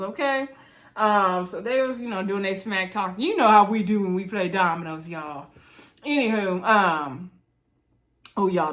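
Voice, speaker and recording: A young woman with a fairly high, fairly bright voice recaps a reality show for viewers, chatting casually and gossiping. She often calls out to them directly as "y'all" and acts out quotes.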